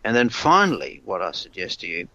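A man with a bright, forceful voice explains parenting strategies in an interview. He often doubles his words as he thinks and slips into the voice of a parent talking to a child. The recording is dry and a little muffled. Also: low-pitched, big pitch swings, fairly quick, vocal fry, no room sound. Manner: repeats words while thinking, acts out what a parent might say. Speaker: parenting expert guest.

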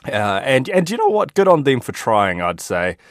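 A man's voice: mid-range voice, wildly swooping pitch, moderate pace. A man giving a radio business report, loose and laughing, often saying "uh" and "look".

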